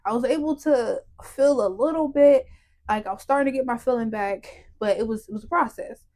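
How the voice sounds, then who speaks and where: Animated woman telling a hard testimony. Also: a little high, a little fast. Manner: animated, emotional storytelling that acts out quoted voices; laughs through hard memories. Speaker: guest telling her testimony. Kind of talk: personal testimony in a podcast interview.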